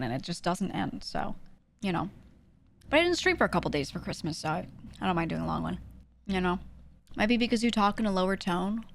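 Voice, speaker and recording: A woman streamer chatting casually with her viewers, talking quickly and lightly projecting her voice for the mic. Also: medium pitch, gravelly. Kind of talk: casual chat answering a livestream chat.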